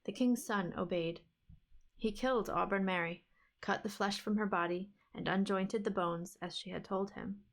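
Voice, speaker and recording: A woman reading a fairy tale aloud for a book club stream, in a steady, even storytelling manner. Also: medium pitch, normal speed.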